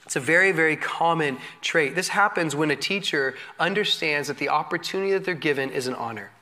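A man preaching a sermon with a high, bright voice. He teaches candidly and with humor, poking fun at himself as he tells stories from the pulpit. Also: fairly quick. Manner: candid, self-deprecating, animated storytelling with laughs. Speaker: pastor.

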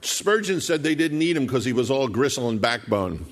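Storytelling preacher, a man with a mid-pitched voice. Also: expressive, moderate pace, a little hiss or hum. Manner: storytelling preacher who acts out the characters' lines. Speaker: pastor. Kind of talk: sermon.

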